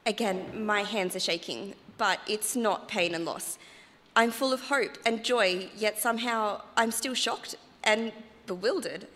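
A woman's voice: mid-range voice, unhurried, fairly bright tone, close to an everyday voice. A woman voicing an earnest, emotional woman disciple in a first-person monologue, recorded in a church. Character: grieving then joyful woman disciple, earnest. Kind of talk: dramatic monologue reading in church. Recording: church hall reverb.

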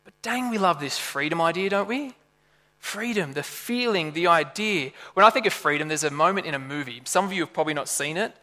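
A man preaching a sermon with a high, bright voice. He talks in a lively, conversational way and keeps asking the congregation rhetorical questions. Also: fairly quick, big-room sound.

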